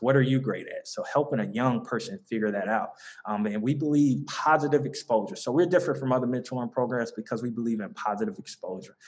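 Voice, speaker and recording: A young man from the American South with a Southern accent, a guest telling an interviewer about his mentoring group in an earnest, rambling way full of fillers and restarts. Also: mid-range voice. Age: young adult. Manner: earnest, many fillers and restarts, laughs easily. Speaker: guest, mentoring organization founder. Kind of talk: conversational interview.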